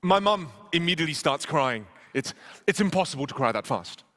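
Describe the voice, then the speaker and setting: Male keynote speaker, thirties, comic storyteller, bright forceful voice, a bit high for a man. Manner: animated, self-mocking, with quick restarts. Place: conference stage.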